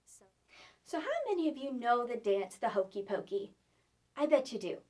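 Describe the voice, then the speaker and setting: A woman librarian reading a story aloud to children, playful and animated. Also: fairly high pitch, normal speed. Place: public library.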